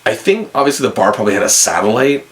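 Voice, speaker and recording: A man's voice: on the low side, quick pace. A man hosting a podcast, telling a story in a casual way and acting out both sides of a phone call. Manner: animated, acts out both sides of phone calls. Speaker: podcast host.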